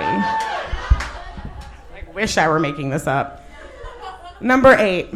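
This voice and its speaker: Young woman comic, animated and laughing, self-mocking delivery. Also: medium pitch, slow pace, long pauses. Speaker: stand-up comedian. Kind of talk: stand-up set, then casual chat.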